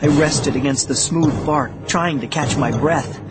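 A man narrating a children's adventure audiobook in the first person, with lively, dramatic storytelling. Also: a little high, measured pace, loud music behind the voice.

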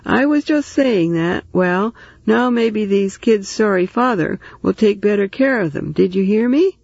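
Guy doing a chatty motherly lady next door, teasing and soothing, husky, a bit lo-fi. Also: high-pitched, lively intonation, measured pace, darkish tone, no room sound, voice pushed up, full character voice. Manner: talkative, comforting, teasing. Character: chatty motherly Southern woman neighbor.

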